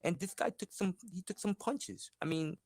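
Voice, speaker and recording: A man doing a comedic impression of a famous boxer, rambling and excitable. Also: gravelly, no echo. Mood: excited. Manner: rambling, high-pitched, rapid run-on talk.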